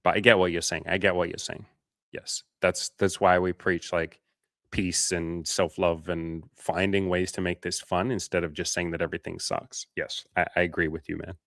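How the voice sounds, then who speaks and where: A man's voice: sits low, flat delivery, normal speed, vocal fry, a bit bright, no room sound, clean studio sound. A man hosting a coaching livestream in casual chat. He reads out viewer comments and answers them with blunt, profane, frank advice.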